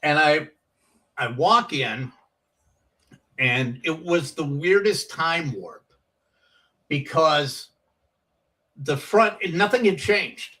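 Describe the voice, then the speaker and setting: A man's voice: fairly high pitch, animated, drawn-out words, long pauses, pushed and bright, far from the mic. A middle-aged man, a guest comedian, telling rambling anecdotes on a chat show and acting out the quotes.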